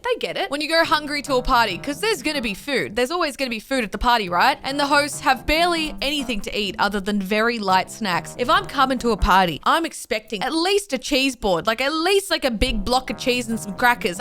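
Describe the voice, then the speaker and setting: A young woman in her twenties, talking in a casual comedic vlog, animated and exasperated, acting out her own reactions. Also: on the high side. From Australia. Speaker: vlogger.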